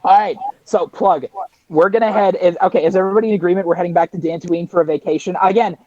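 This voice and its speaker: A man's voice: high-pitched, fairly even intonation, fast talker, a little mellow, dry recording. A man playing a tabletop game, chatting casually and narrating what his character does. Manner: chatty, narrates own actions. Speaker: tabletop player. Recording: dull lo-fi dry sound.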